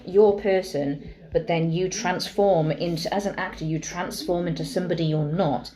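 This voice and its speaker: Mellow-voiced chatty Welsh woman. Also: lowish voice, fairly even intonation, normal speed. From Wales. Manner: chatty, self-deprecating, agreeable. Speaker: podcast co-host. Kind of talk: casual podcast chat.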